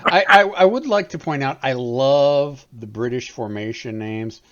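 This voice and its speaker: Brief: relaxed male game host, mid pitch, lo-fi call audio, easygoing chatter. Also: measured pace. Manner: relaxed, chuckling, repeats words. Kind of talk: casual game chat.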